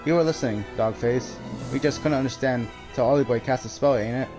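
A man's voice: mid-range voice, fairly quick, close to an everyday voice. A man voicing a chatty, slangy little male fairy, teasing his friends in a game scene over music. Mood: cheeky. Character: cheeky little male fairy with a lantern nose.

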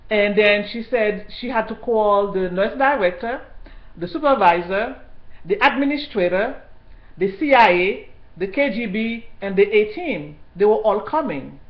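A woman who worked in hospital care tells her story as a personal testimony, indignant and halting, with many restarts. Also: medium pitch, echoey room, lo-fi sound.

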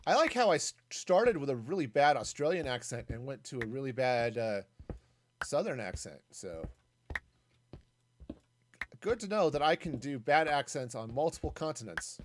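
A man's voice: mid-range voice, sing-song, moderate pace, a little hiss or hum. A man streaming a game solo, giving casual, rambling commentary as he builds, thinking aloud with self-mocking jokes and asides.

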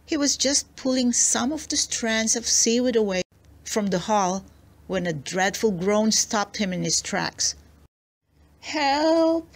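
A woman narrating a children's storybook aloud, slow and expressive. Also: mid-range voice. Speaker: storybook reader.

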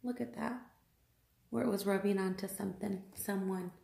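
An exasperated woman vlogger talks through an unboxing, circling back on the same complaints with plenty of fillers. Her voice sits at an ordinary middle pitch and bounces around an echoey room. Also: steady tone, normal speed, vocal fry, dark tone. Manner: upset, exasperated, repeats herself, many fillers.

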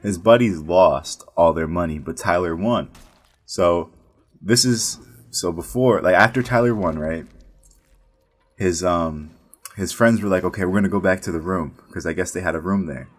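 A man's voice: deep voice, a little slow, slightly rough. A man casually telling a story about his work as a casino dealer, rambling and profane, with many restarts.

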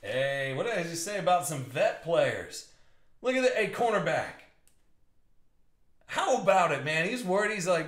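A man's voice: on the high side, sing-song, moderate pace, pauses often, a bit bright. A man hosting a live trading card break, bantering and joking with chat viewers as he reads out the hits. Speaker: box break host. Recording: echoey room with faint noise.

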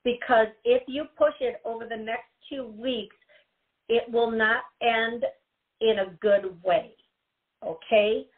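In tinny, phone-like audio, a psychic hosting a call-in radio show speaks slowly in a fairly high voice with fairly even intonation. Chatty and giggly, she gives the caller advice through warnings she repeats several times.

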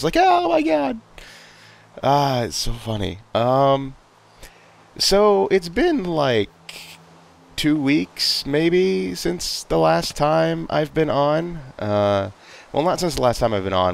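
Brief: low, gravelly man, relaxed gaming commentary, rambling and self-deprecating. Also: slight background noise. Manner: rambling, self-mocking, full of ums and asides. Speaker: gaming video host. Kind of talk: casual gameplay commentary.

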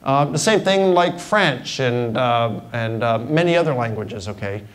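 Speaking animatedly at a measured pace, a middle-aged man with a mid-range voice delivers a guest lecture at a university. He keeps it conversational in the lecture hall and leans on simple examples to make his points, though the recording is rough.

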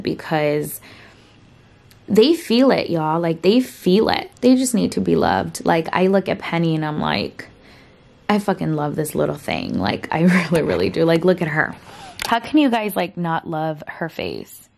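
A woman's voice: on the low side, lively intonation, measured pace, vocal fry. A young woman chatting casually into her vlogging camera at home, peppering her talk with "like". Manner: chatty, heavy use of "like". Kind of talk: casual vlog chat. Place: indoors at home.

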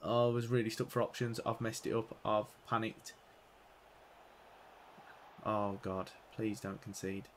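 A young man commentating live on his own football video game, excitable, swinging from muttering to loud outbursts. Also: lowish voice, a little slow, long pauses, slight background noise. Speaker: gaming YouTuber playing career mode.

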